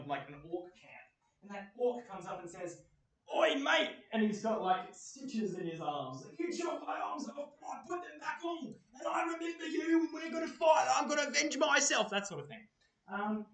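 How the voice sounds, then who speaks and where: A young Australian man gives a chatty, rambling workshop talk in a university lecture room, with lots of fillers and an animated pitch. It's a casual lecture, and the recording has a roomy echo with the mic placed far off.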